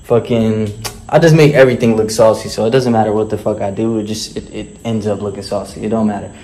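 A man's voice: fairly low pitch, fairly even intonation, fast, warm tone, a little hiss or hum. A man delivering a motivational vlog monologue as a fitness and mindset coach, boastful and heavily profane, full of swaggering street slang.

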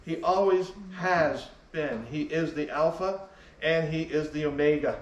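A man's voice: fairly high pitch, unhurried, reverberant, far from the mic, lo-fi sound. A man preaching a sermon as pastor, emphatic and repeating key phrases for weight. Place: church sanctuary.

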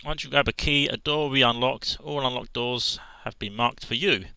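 A man giving casual commentary over a horror game, chatting, thinking aloud and reading the game's prompts out loud. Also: medium pitch, fairly even intonation, normal speed, vocal fry, clear, resonant tone, dry recording, rough recording. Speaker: let's play gamer. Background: game music.

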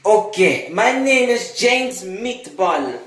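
A performer voicing a crude, foul-mouthed, bossy male teacher who barks slow commands in a one-person comedy skit. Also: mid-range voice, sing-song, a bit bright, reverberant, low-quality recording.

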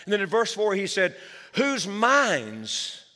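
A man's voice: sits high, wildly swooping pitch, slow, bright, forceful tone. A man preaching a sermon as pastor, with energy, calling the church for amens. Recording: long hall reverb.

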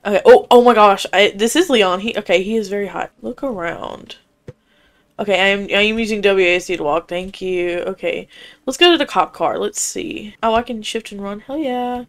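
A woman's voice: medium pitch, moderate pace, soft background music. A young woman streaming a horror game, chatting casually and reacting in a jumpy, squeamish way. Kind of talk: live gameplay reaction.

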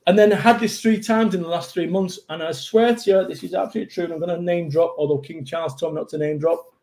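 Brash high-voiced Mancunian man. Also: fairly even intonation, quick pace, vocal fry, a little mellow. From England. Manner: brash, self-mocking, punchy storytelling. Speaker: motivational speaker. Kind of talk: casual interview chat.

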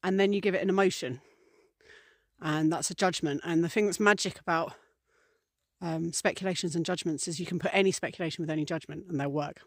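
A woman's voice: lowish voice, brisk, no room sound. Woman vlogger, loose rambling chat to camera, lots of ums, acts out little scenes. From England. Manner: chatty and rambling, many fillers, voices little acted scenes. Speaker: priestess and vlogger. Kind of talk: casual talk to camera.

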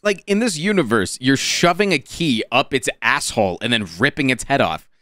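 A man streaming a card game, reading card text aloud and reacting with animated, profane commentary. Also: medium pitch, moderate pace, a little hiss or hum. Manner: animated and profane, swinging between flat card reading and excited outbursts.

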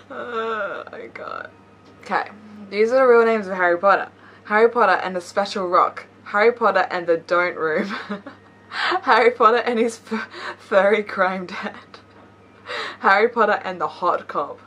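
A woman's voice: medium pitch, normal speed, fairly bright tone. A young woman YouTuber reading memes aloud with playful commentary, giggling often and teasing herself. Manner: giggly, laughs between lines; playful, self-mocking asides.

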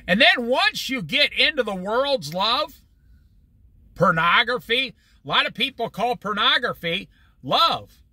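A man teaching a conversational Bible study with humor, often acting out quick everyday voices. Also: extremely high pitch, expressive, pushed and bright, dry recording.

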